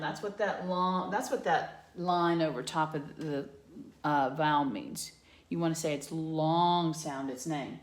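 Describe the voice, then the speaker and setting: A woman teacher giving a patient phonics lesson to young children from her home garage, sounding out letters slowly. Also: deep voice, reverberant.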